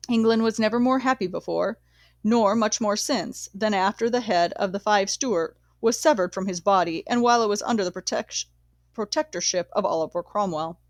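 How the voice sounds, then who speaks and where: A woman reading a nonfiction history book aloud in a measured, steady way, sometimes correcting herself. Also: medium pitch, no room sound. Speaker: audiobook reader.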